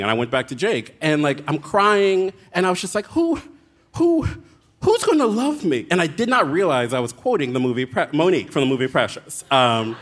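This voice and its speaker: A man telling a dramatic, comic story as a guest author on a live show, with quick asides. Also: on the high side, fairly bright tone, slight background noise.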